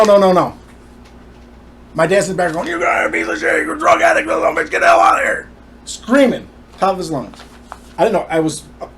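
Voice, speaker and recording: A man's voice: fairly high pitch, darkish tone, slight background noise. A man telling his personal story to the camera in an emphatic, indignant way.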